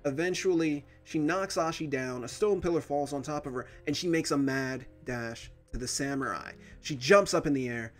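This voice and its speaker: A man's voice: on the high side, normal speed, few pauses, soft background music. A man hosting a reaction video, casually retelling a cartoon episode with lots of fillers.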